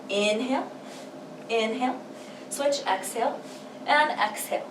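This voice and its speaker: A woman's voice: on the high side, unhurried, long pauses, background noise. A woman leading a pilates workout, counting breaths and reps in an encouraging way, slightly out of breath. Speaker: pilates instructor. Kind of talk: guided workout instruction. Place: home workout space. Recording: echoey room, mic at a distance.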